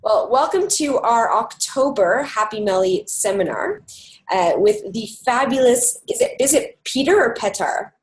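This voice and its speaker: A woman's voice: on the high side, expressive, measured pace, rough recording. A woman hosting and moderating an online seminar in a loose, chatty way over a video call. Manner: chatty, loose, self-correcting. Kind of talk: casual webinar moderating.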